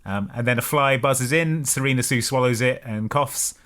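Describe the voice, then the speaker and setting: A man co-hosts a podcast, walking through a film's plot with wry, deadpan asides in a relaxed, casual way. His voice sits at an ordinary mid pitch for a man. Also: normal speed, slight background noise. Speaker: podcast co-host. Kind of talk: casual chat recapping a film.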